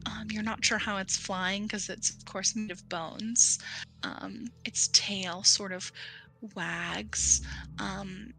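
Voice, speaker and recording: A woman's voice: medium pitch, fairly even intonation, slow pace, gravelly, sharp tone, slight background noise, rough recording. A woman running a tabletop game as game master, narrating unhurriedly with many filler ums.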